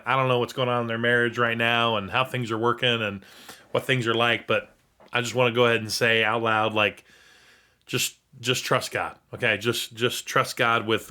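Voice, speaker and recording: An earnest male host comments on a video with heartfelt, rambling sincerity. His voice is bright and forward, at a middle pitch. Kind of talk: faith reaction commentary.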